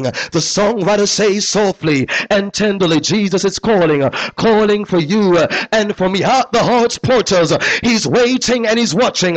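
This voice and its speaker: A man delivers a sermon in a notably high voice. He leans on call-and-response, repetition and steady "uh" fillers. He swings between quiet, low asides and loud, soaring exclamations. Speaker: pastor.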